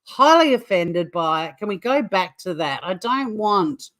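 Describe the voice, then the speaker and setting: A woman's voice: medium pitch, expressive, a little slow, fairly bright tone, no echo. An Australian woman co-hosting a comedic news show, chatting animatedly and swearing freely. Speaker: co-host.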